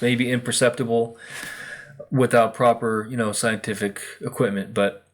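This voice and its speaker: American man, casual host monologue, meandering with fillers, mid pitch. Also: flat delivery, normal speed, slight background noise. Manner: rambling, many fillers and quoted asides. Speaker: spiritual video host.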